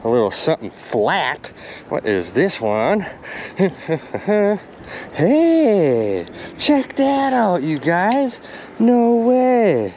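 Young male vlogger, excitable outdoor commentary, noisy outdoor recording, high lively voice. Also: extremely slow. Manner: excitable, exclaiming, addresses viewers as you guys. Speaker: magnet fishing vlogger. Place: outdoors by the water.

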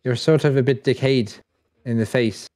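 A man's voice: medium pitch, steady tone, normal speed, darkish tone. A man playing in a tabletop game, speaking casually with hesitant, stammering restarts. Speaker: player.

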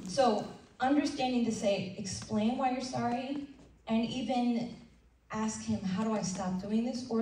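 A woman's voice: fairly high pitch, a little slow. Woman preaching in a roomy hall. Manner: conversational, animated preaching with acted-out asides. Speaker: women's ministry leader. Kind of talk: sermon at a women's breakfast. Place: church event room. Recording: roomy hall sound from a distant mic with faint noise.

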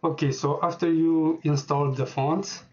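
A man walking through a software setup on screen, speaking hesitantly with many filler words as he types. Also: a little high, fairly even intonation, normal speed, dull audio, a little hiss or hum. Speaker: programming tutorial host. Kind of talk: screen-recorded software tutorial.

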